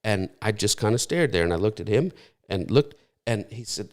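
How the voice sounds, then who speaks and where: A man's voice: lowish voice, lively intonation, normal speed. A middle-aged man preaching a sermon in a conversational, storytelling way with frequent restarts. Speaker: pastor.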